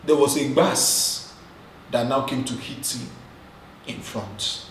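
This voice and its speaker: A man's voice: a little high, very animated, unhurried, a bit bright, far from the mic. A man hosting a casual commentary vlog, chatty and teasing, tossing rhetorical questions at his viewers. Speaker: YouTube host. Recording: roomy echo, off-mic, faint noise.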